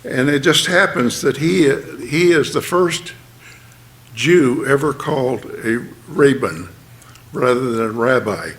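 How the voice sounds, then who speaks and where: A man giving a sermon, explaining plainly in a halting way with many fillers and restarts. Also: mid-range voice, fairly bright tone. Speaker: church speaker.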